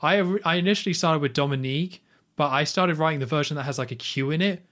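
A man's voice: fairly high pitch, quick pace, a bit bright. A man hosting a podcast, casually retelling film scenes at length, with lots of "like" and restarts. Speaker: podcast host. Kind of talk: casual film recap chat.

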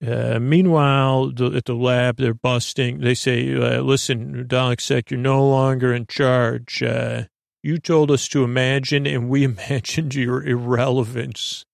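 Gravelly rambling man, drowsy storyteller. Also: medium pitch, flat delivery, unhurried, dry recording, clean studio sound. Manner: meandering, full of filler words. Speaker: podcast host. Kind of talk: rambling sleep-aid retelling of a TV episode.

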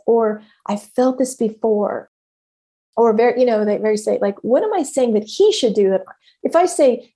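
Her voice is a little high, animated, and mellow, at a moderate pace. This middle-aged podcast host and former therapist talks candidly and casually to her audience, emphatic and freely profane, repeating words along the way.

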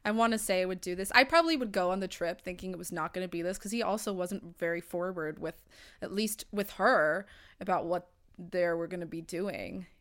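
A woman's voice: lowish voice, brisk, a bit bright. A young woman co-hosting a podcast, animatedly recapping the plot in casual chat. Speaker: podcast co-host. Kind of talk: casual movie-watching chat.

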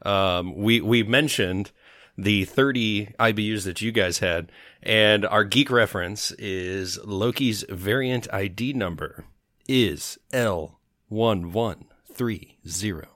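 A man's voice: fairly low pitch, slow, a bit bright, dry recording, studio quality. A man co-hosting a casual podcast, joking around and reading out beer details. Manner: joking, reads out beer labels. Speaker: podcast co-host. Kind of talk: casual chat.

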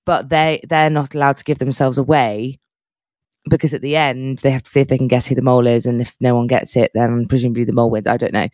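A man in casual podcast chat, talking in a gushing, playful way. His voice sits in a middle pitch. The sound is close and dry, with no room echo. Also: level tone, fast, darkish tone. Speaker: podcast co-host.

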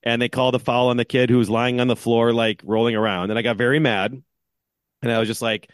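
A man's voice: medium pitch, little pitch movement, fast talker, no room sound, studio quality. A man co-hosting a podcast, telling a self-mocking rant in casual chat. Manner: self-mocking, ranting storyteller. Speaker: podcast co-host.

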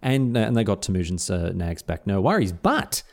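Animated Australian man telling history. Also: low voice, moderate pace. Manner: animated, irreverent, slangy. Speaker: podcast host. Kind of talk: casual history storytelling.

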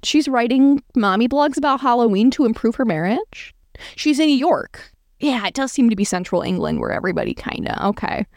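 A woman with a fairly high, slightly mellow voice reads a blog aloud and jokes about it, very animated, a little fast and amused in her casual, sarcastic commentary. The sound is dry, with no room sound.

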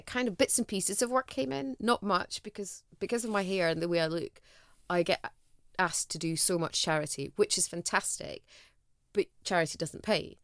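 A woman's voice: on the low side, no room sound, studio quality. A middle-aged woman, telling candid stories as an interview guest, laughing often and acting out what people said. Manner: animated, laughs often, acts out quotes. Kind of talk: candid conversational storytelling.

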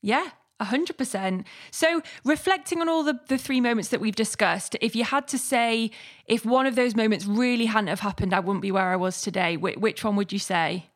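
A woman's voice: fairly high pitch, moderate pace. A woman hosting a podcast, asking questions and enthusiastically reflecting back her guest's story. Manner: enthusiastic, affirming interviewer. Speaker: podcast host. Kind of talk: casual interview.

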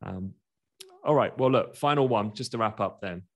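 A man hosting a casual market chat, talking quickly and laughing as he goes. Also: fairly low pitch. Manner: chatty, laughs while talking, quick asides. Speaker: market commentator.

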